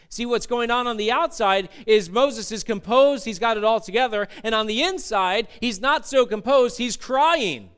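A man preaching a sermon in an animated way, acting out quotes in put-on voices. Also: sits high, a little slow, clear, resonant tone. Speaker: pastor.

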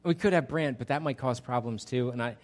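A man as pastor giving an interactive sermon, energetic and chatty with frequent restarts. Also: medium pitch, a little fast.

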